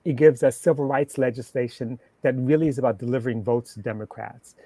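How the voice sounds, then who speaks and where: A man joins a passionate political discussion as a panel guest, speaking emphatically, stacking his points into lists, and restarting words as he begins them. His medium-pitched, mellow voice stays fairly even and runs a little fast in a dry recording.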